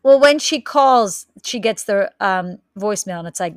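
A woman's voice: mid-range voice, lively intonation, moderate pace, no echo, clean studio sound. A woman co-hosting a podcast, chatting casually about a movie and asking lots of questions. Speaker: podcast co-host. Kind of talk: casual chat.

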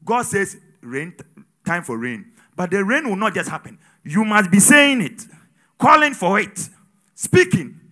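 A man preaching a sermon with call-and-response, swinging between loud exhortation and quiet asides. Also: sits high, big pitch swings, a little slow. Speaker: pastor.

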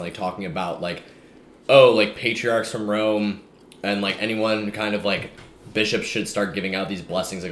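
Low-voiced rambling podcast man. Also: a bit bright. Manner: rambling, full of "like" fillers. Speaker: podcast co-host. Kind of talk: casual chat. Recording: echoey room, faint background hum.

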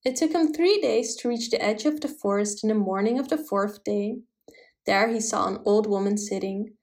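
A woman narrating a fairy tale in a steady, gentle storytelling manner. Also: mid-range voice, moderate pace. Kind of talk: storybook reading.

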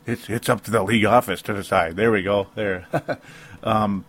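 A man's voice: fairly low pitch, fairly even intonation, normal speed, fairly bright tone, breathy edge. A man hosting a sports talk show alone, ranting with emotion, rambling and interrupting himself with small laughs. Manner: rambling, self-interrupting, laughs between points. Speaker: sports talk podcast host. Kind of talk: emotional solo sports rant.

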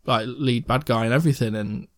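A man's voice: medium pitch, brisk, no echo, studio quality. A young man chatting casually about films as a podcast co-host, rambling and swearing, laughing often. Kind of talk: casual film chat.

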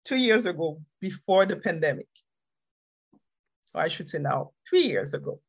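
A woman telling a personal story on a podcast, animated and laughing often, repeating key phrases for emphasis. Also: on the low side, normal speed, husky. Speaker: podcast speaker and life coach.

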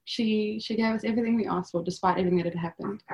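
A woman's voice: mid-range voice, fairly even intonation, very fast, darkish tone. Chatty young woman telling a story. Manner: chatty, lots of fillers and quoted dialogue. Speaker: podcast guest. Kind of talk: personal storytelling.

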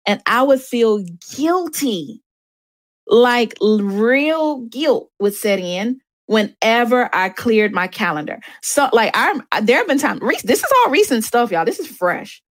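Animated woman with a dry close sound. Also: on the high side, measured pace, no room sound. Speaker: host. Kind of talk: candid faith and dating talk to viewers.

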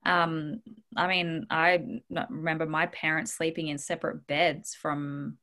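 A woman co-hosts a podcast and speaks in an earnest, thoughtful way. Her voice sits low for a woman. The delivery is casual conversation. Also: little pitch movement, a little slow, sharp tone. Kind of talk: casual chat.

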